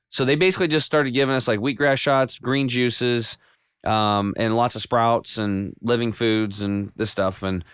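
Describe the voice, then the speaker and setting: A man guest on a podcast, telling his health story in a casual, animated way with many restarts. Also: mid-range voice, clean tone, no echo, clean studio sound. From United States. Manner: animated storyteller with frequent restarts and quoted self-talk.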